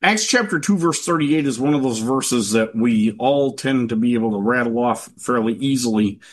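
A man teaching a Bible class in a loose, conversational way, stopping and restarting often and reading scripture aloud at a quicker clip. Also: medium pitch.

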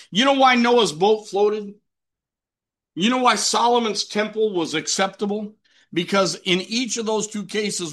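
A man's voice: sits high, a bit bright. A man preaching a sermon emphatically, with rhetorical questions and repetition.

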